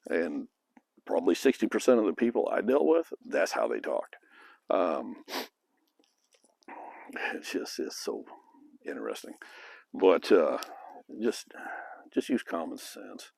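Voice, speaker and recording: A middle-aged man with a very deep, husky voice gives frank, no-nonsense advice in a casual monologue. His delivery is blunt and plain-spoken, with a bit of salty language. The sound is dry and close. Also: huge pitch swings, slow, pauses often, a little mellow, no echo. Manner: blunt and frank, with occasional profanity. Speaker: former police officer giving advice.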